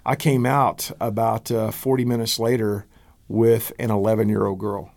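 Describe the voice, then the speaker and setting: A middle-aged American man, a pastor, telling a story in an interview in an earnest, halting way, with fillers and repeated words. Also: lowish voice, flat delivery, vocal fry, a little mellow. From United States.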